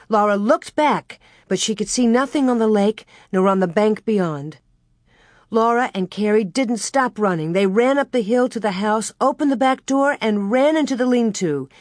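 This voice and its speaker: A woman reading a children's story aloud in a slow, gentle narration. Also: fairly high pitch, no echo, clean studio sound. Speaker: reader.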